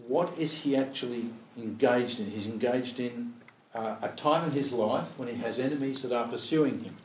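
A man teaching an informal Bible study, thinking out loud and tossing rhetorical questions at his listeners. He slips into acted-out quotes of prayers now and then. His voice carries through a roomy, echoing space, picked up from some distance with a faint hum of ambience. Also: medium pitch, moderate pace.

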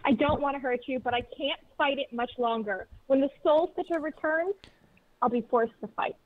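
Brief: woman doing an anguished young woman fighter, high and tearful, tinny line. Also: normal speed, natural voice. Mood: desperate. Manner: pleading, tearful. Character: anguished young woman warrior, tormented and pleading.

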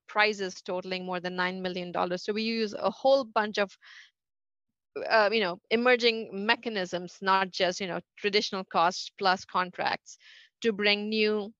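A middle-aged woman answering interview questions in a quick, halting way, full of fillers and restarts. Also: mid-range voice, fairly even intonation, fairly bright tone, no room sound, highs cut off. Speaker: NASA associate administrator, interview guest.

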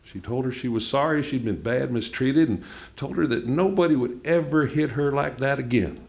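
A man reading a novel aloud at a book event in an unhurried, plainspoken way. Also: mid-range voice, creaky. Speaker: reader.

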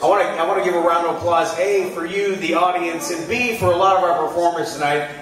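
A man doing a live stand-up set on stage before an audience, animated and breaking into loud outbursts. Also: sits high, fast. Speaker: stand-up comedian. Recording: echoey room, mic from far off.

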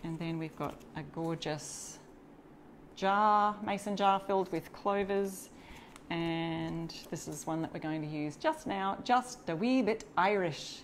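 A woman's voice: lowish voice, fairly even intonation, slow pace, slight background noise. An Australian woman chatting casually through a live craft tutorial, showing stencils and greeting viewers as she works. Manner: chatty, greets and reads out viewer comments while working. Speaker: DIY crafter hosting a live stencil demo.

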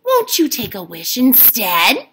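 A woman voicing a small, clever leprechaun man in a storybook, high-pitched and pleading. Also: huge pitch swings, slow pace, bright, forceful tone, husky, full character voice.

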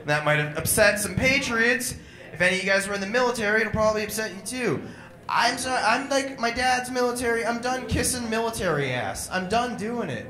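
A young man with a high, bright, edgy voice tears through a crude, irreverent stand-up set. His delivery is blunt and mocking. The sound bounces around an echoey club room. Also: lively intonation, fairly quick. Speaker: stand-up comedian. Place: comedy club stage.

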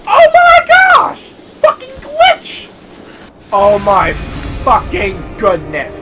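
A man's voice: sits high, noisy background. A man giving profane, frustrated commentary while playing a game. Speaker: gaming channel host. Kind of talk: gameplay commentary. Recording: game music behind the voice.

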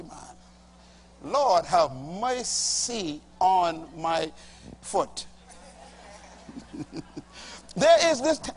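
A middle-aged male pastor preaching a sermon emphatically, stretching key words and calling on the congregation to respond. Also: very high voice. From Bahamas. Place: church hall before a congregation.

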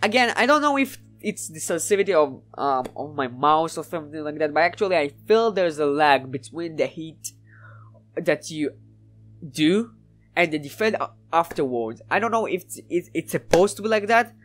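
This man delivers excitable live gameplay commentary, swearing often and sounding frustrated mid-match but more hesitant when reviewing afterward. His voice is a little high, his pace moderate, with faint music in the background.

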